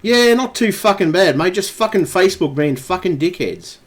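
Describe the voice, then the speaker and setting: A man's voice: high voice, lively intonation, normal speed. A man live streaming at his computer, ranting angrily and swearing constantly. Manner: angry, profane ranting.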